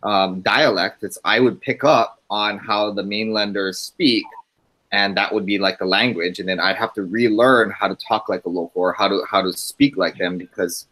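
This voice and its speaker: A man's voice: on the low side, steady tone, normal speed, sharp tone, low-quality recording. A man from Hawaii who grew up there, talking reflectively in a class discussion with fillers and restarts. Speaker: graduate student in a class webinar. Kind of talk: casual discussion.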